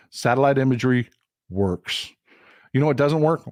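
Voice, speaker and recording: A man's voice: mid-range voice, expressive, normal speed, no echo, studio quality. A man hosting a political commentary livestream, talking bluntly and emphatically, repeating short phrases for weight and thanking viewers who send donations. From Texas. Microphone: streaming setup mic.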